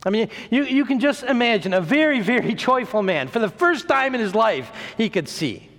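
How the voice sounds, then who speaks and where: Male preacher, high lively voice, storytelling sermon, long hall reverb. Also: normal speed. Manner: animated, acts out quoted voices, stumbles and repeats words. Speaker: pastor.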